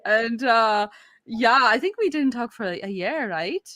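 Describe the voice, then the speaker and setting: Lively high-voiced woman, laughing storyteller. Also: unhurried, no room sound, studio quality. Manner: animated, laughs often, rising to high squeals. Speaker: guest. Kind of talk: casual storytelling.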